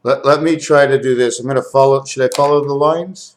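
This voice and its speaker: A man talking to his camera in a rambling home video, counting numbers aloud, correcting himself and getting excited over what he finds. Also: mid-range voice, a little fast, a little hiss or hum. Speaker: video maker.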